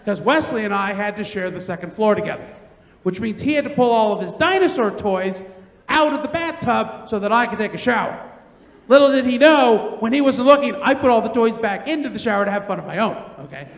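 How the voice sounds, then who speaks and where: A man in his thirties doing stand-up on a big theater stage, telling stories animatedly and shouting his punchlines. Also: high-pitched, animated, a little fast. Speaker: stand-up comedian. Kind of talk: stand-up set. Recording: echoey theater with long reverb. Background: audience laughter.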